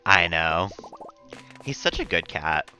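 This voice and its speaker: A male streamer talks casually through his gameplay, rambling and chuckling as he goes. His voice sits very low yet cuts through with a crisp, forceful brightness. Faint music plays behind him. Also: takes it slowly. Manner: relaxed, rambling, chuckles often.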